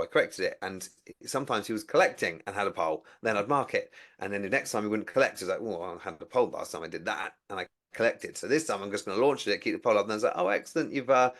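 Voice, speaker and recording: A man chatting casually about training agility dogs, acting out what he says to them as he tells it. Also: lowish voice. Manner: animated storytelling, acts out what he says to his dogs. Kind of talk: casual chat.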